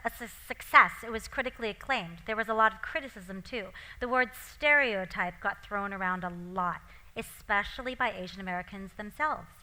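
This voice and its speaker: A woman with a somewhat high voice and a very bright, forceful tone. She is a guest chatting loosely with plenty of fillers, then reading passages of her own book aloud. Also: poor audio. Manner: chatty, many likes and ums. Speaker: guest author and actor. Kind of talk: conversation and reading from her memoir.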